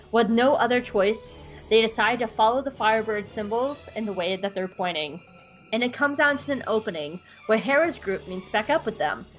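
A woman's voice: on the high side, fairly bright tone. A woman co-hosting a podcast, recapping an episode in blunt, profane, sarcastic casual chat. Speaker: podcast co-host. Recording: dull lo-fi podcast audio.

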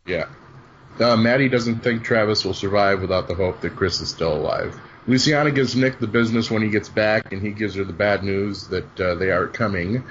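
A man's voice: on the low side, fairly quick, a bit bright. A man hosting a casual podcast recap, joking and swearing as he retells the plot. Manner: jokey, profane, laughs often. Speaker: podcast host. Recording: dull lo-fi audio with faint hiss.

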